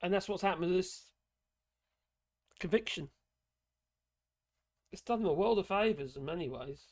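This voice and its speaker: A host talks through a live stream in a loose, rambling way, stopping to read out chat messages. The voice sits at an ordinary middle pitch, and the delivery is casual and meandering. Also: lively intonation, normal speed, no room sound. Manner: rambling, chatty, sighs and laughs between remarks. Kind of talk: casual commentary reading out chat.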